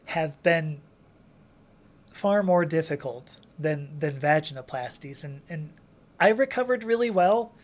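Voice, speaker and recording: A woman hosting a casual livestream Q&A, chatting and reading viewer comments aloud with frequent laughs and restarts. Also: lowish voice. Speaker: livestream host answering chat questions.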